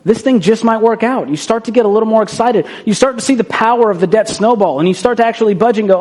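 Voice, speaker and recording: A man's voice: high voice, fast, few pauses, darkish tone. A man giving a motivational talk in a punchy, conversational way, often tossing in a rhetorical "right?". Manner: acts out quoted voices for effect. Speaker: motivational speaker.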